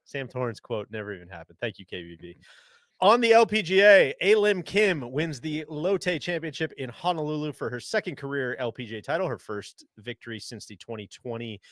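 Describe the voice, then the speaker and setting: A man's voice: on the high side, lively intonation, fairly quick, few pauses, a bit bright, no echo, clean studio sound. A man hosting a casual golf podcast, chatting and reading an ad. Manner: conversational, reads ad copy. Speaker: podcast host.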